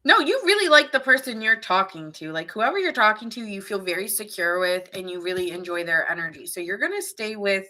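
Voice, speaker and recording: A woman reads tarot for her viewers in a loose, chatty way. Her voice is bright and forward at a middling pitch. She laughs easily and talks to the viewer in playful asides, with "like" scattered all through. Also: big pitch swings, fairly quick, hardly any pauses. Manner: chatty, laughs often, heavy use of "like". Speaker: tarot reader. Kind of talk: casual tarot reading to camera.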